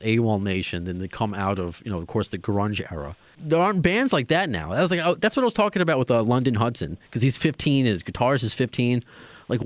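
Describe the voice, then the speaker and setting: A man hosting a podcast, from New York, whose pitch moves around a lot as he talks. He stumbles and restarts his questions, and the studio sound is dry and close. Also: no room sound. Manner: halting, restarts often, lively. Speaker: podcast host. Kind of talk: casual interview chat.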